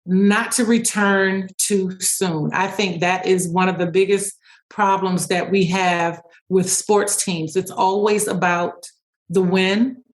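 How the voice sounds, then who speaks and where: A woman speech-language pathologist answering interview questions, telling stories quickly with fillers and restarts and acting out bits of dialogue. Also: mid-range voice, steady tone. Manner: storytelling, acts out dialogue.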